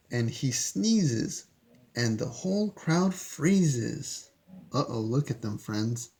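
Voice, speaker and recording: Male storyteller for a kids' read-aloud, very slow, gravelly, chatty with listeners. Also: mid-range voice, darkish tone. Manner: chatty, asks young listeners questions.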